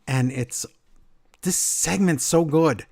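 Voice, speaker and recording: A man hosting a wrestling podcast, recapping the show in an animated way and acting out quotes. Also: fairly high pitch, slow pace, gravelly. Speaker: podcast host. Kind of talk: casual chat recapping wrestling.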